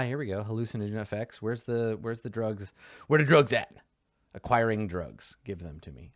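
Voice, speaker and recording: A man's voice: lowish voice, dry recording, clean studio sound. A young man, a tabletop game player, chatting casually and rambling to himself as he builds a character, swearing freely.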